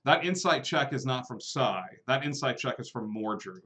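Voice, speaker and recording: A man's voice: mid-range voice, expressive, normal speed, pushed and bright. A man narrating as game master of a tabletop role-playing game, talking casually with many fillers and lightly voicing the characters he plays.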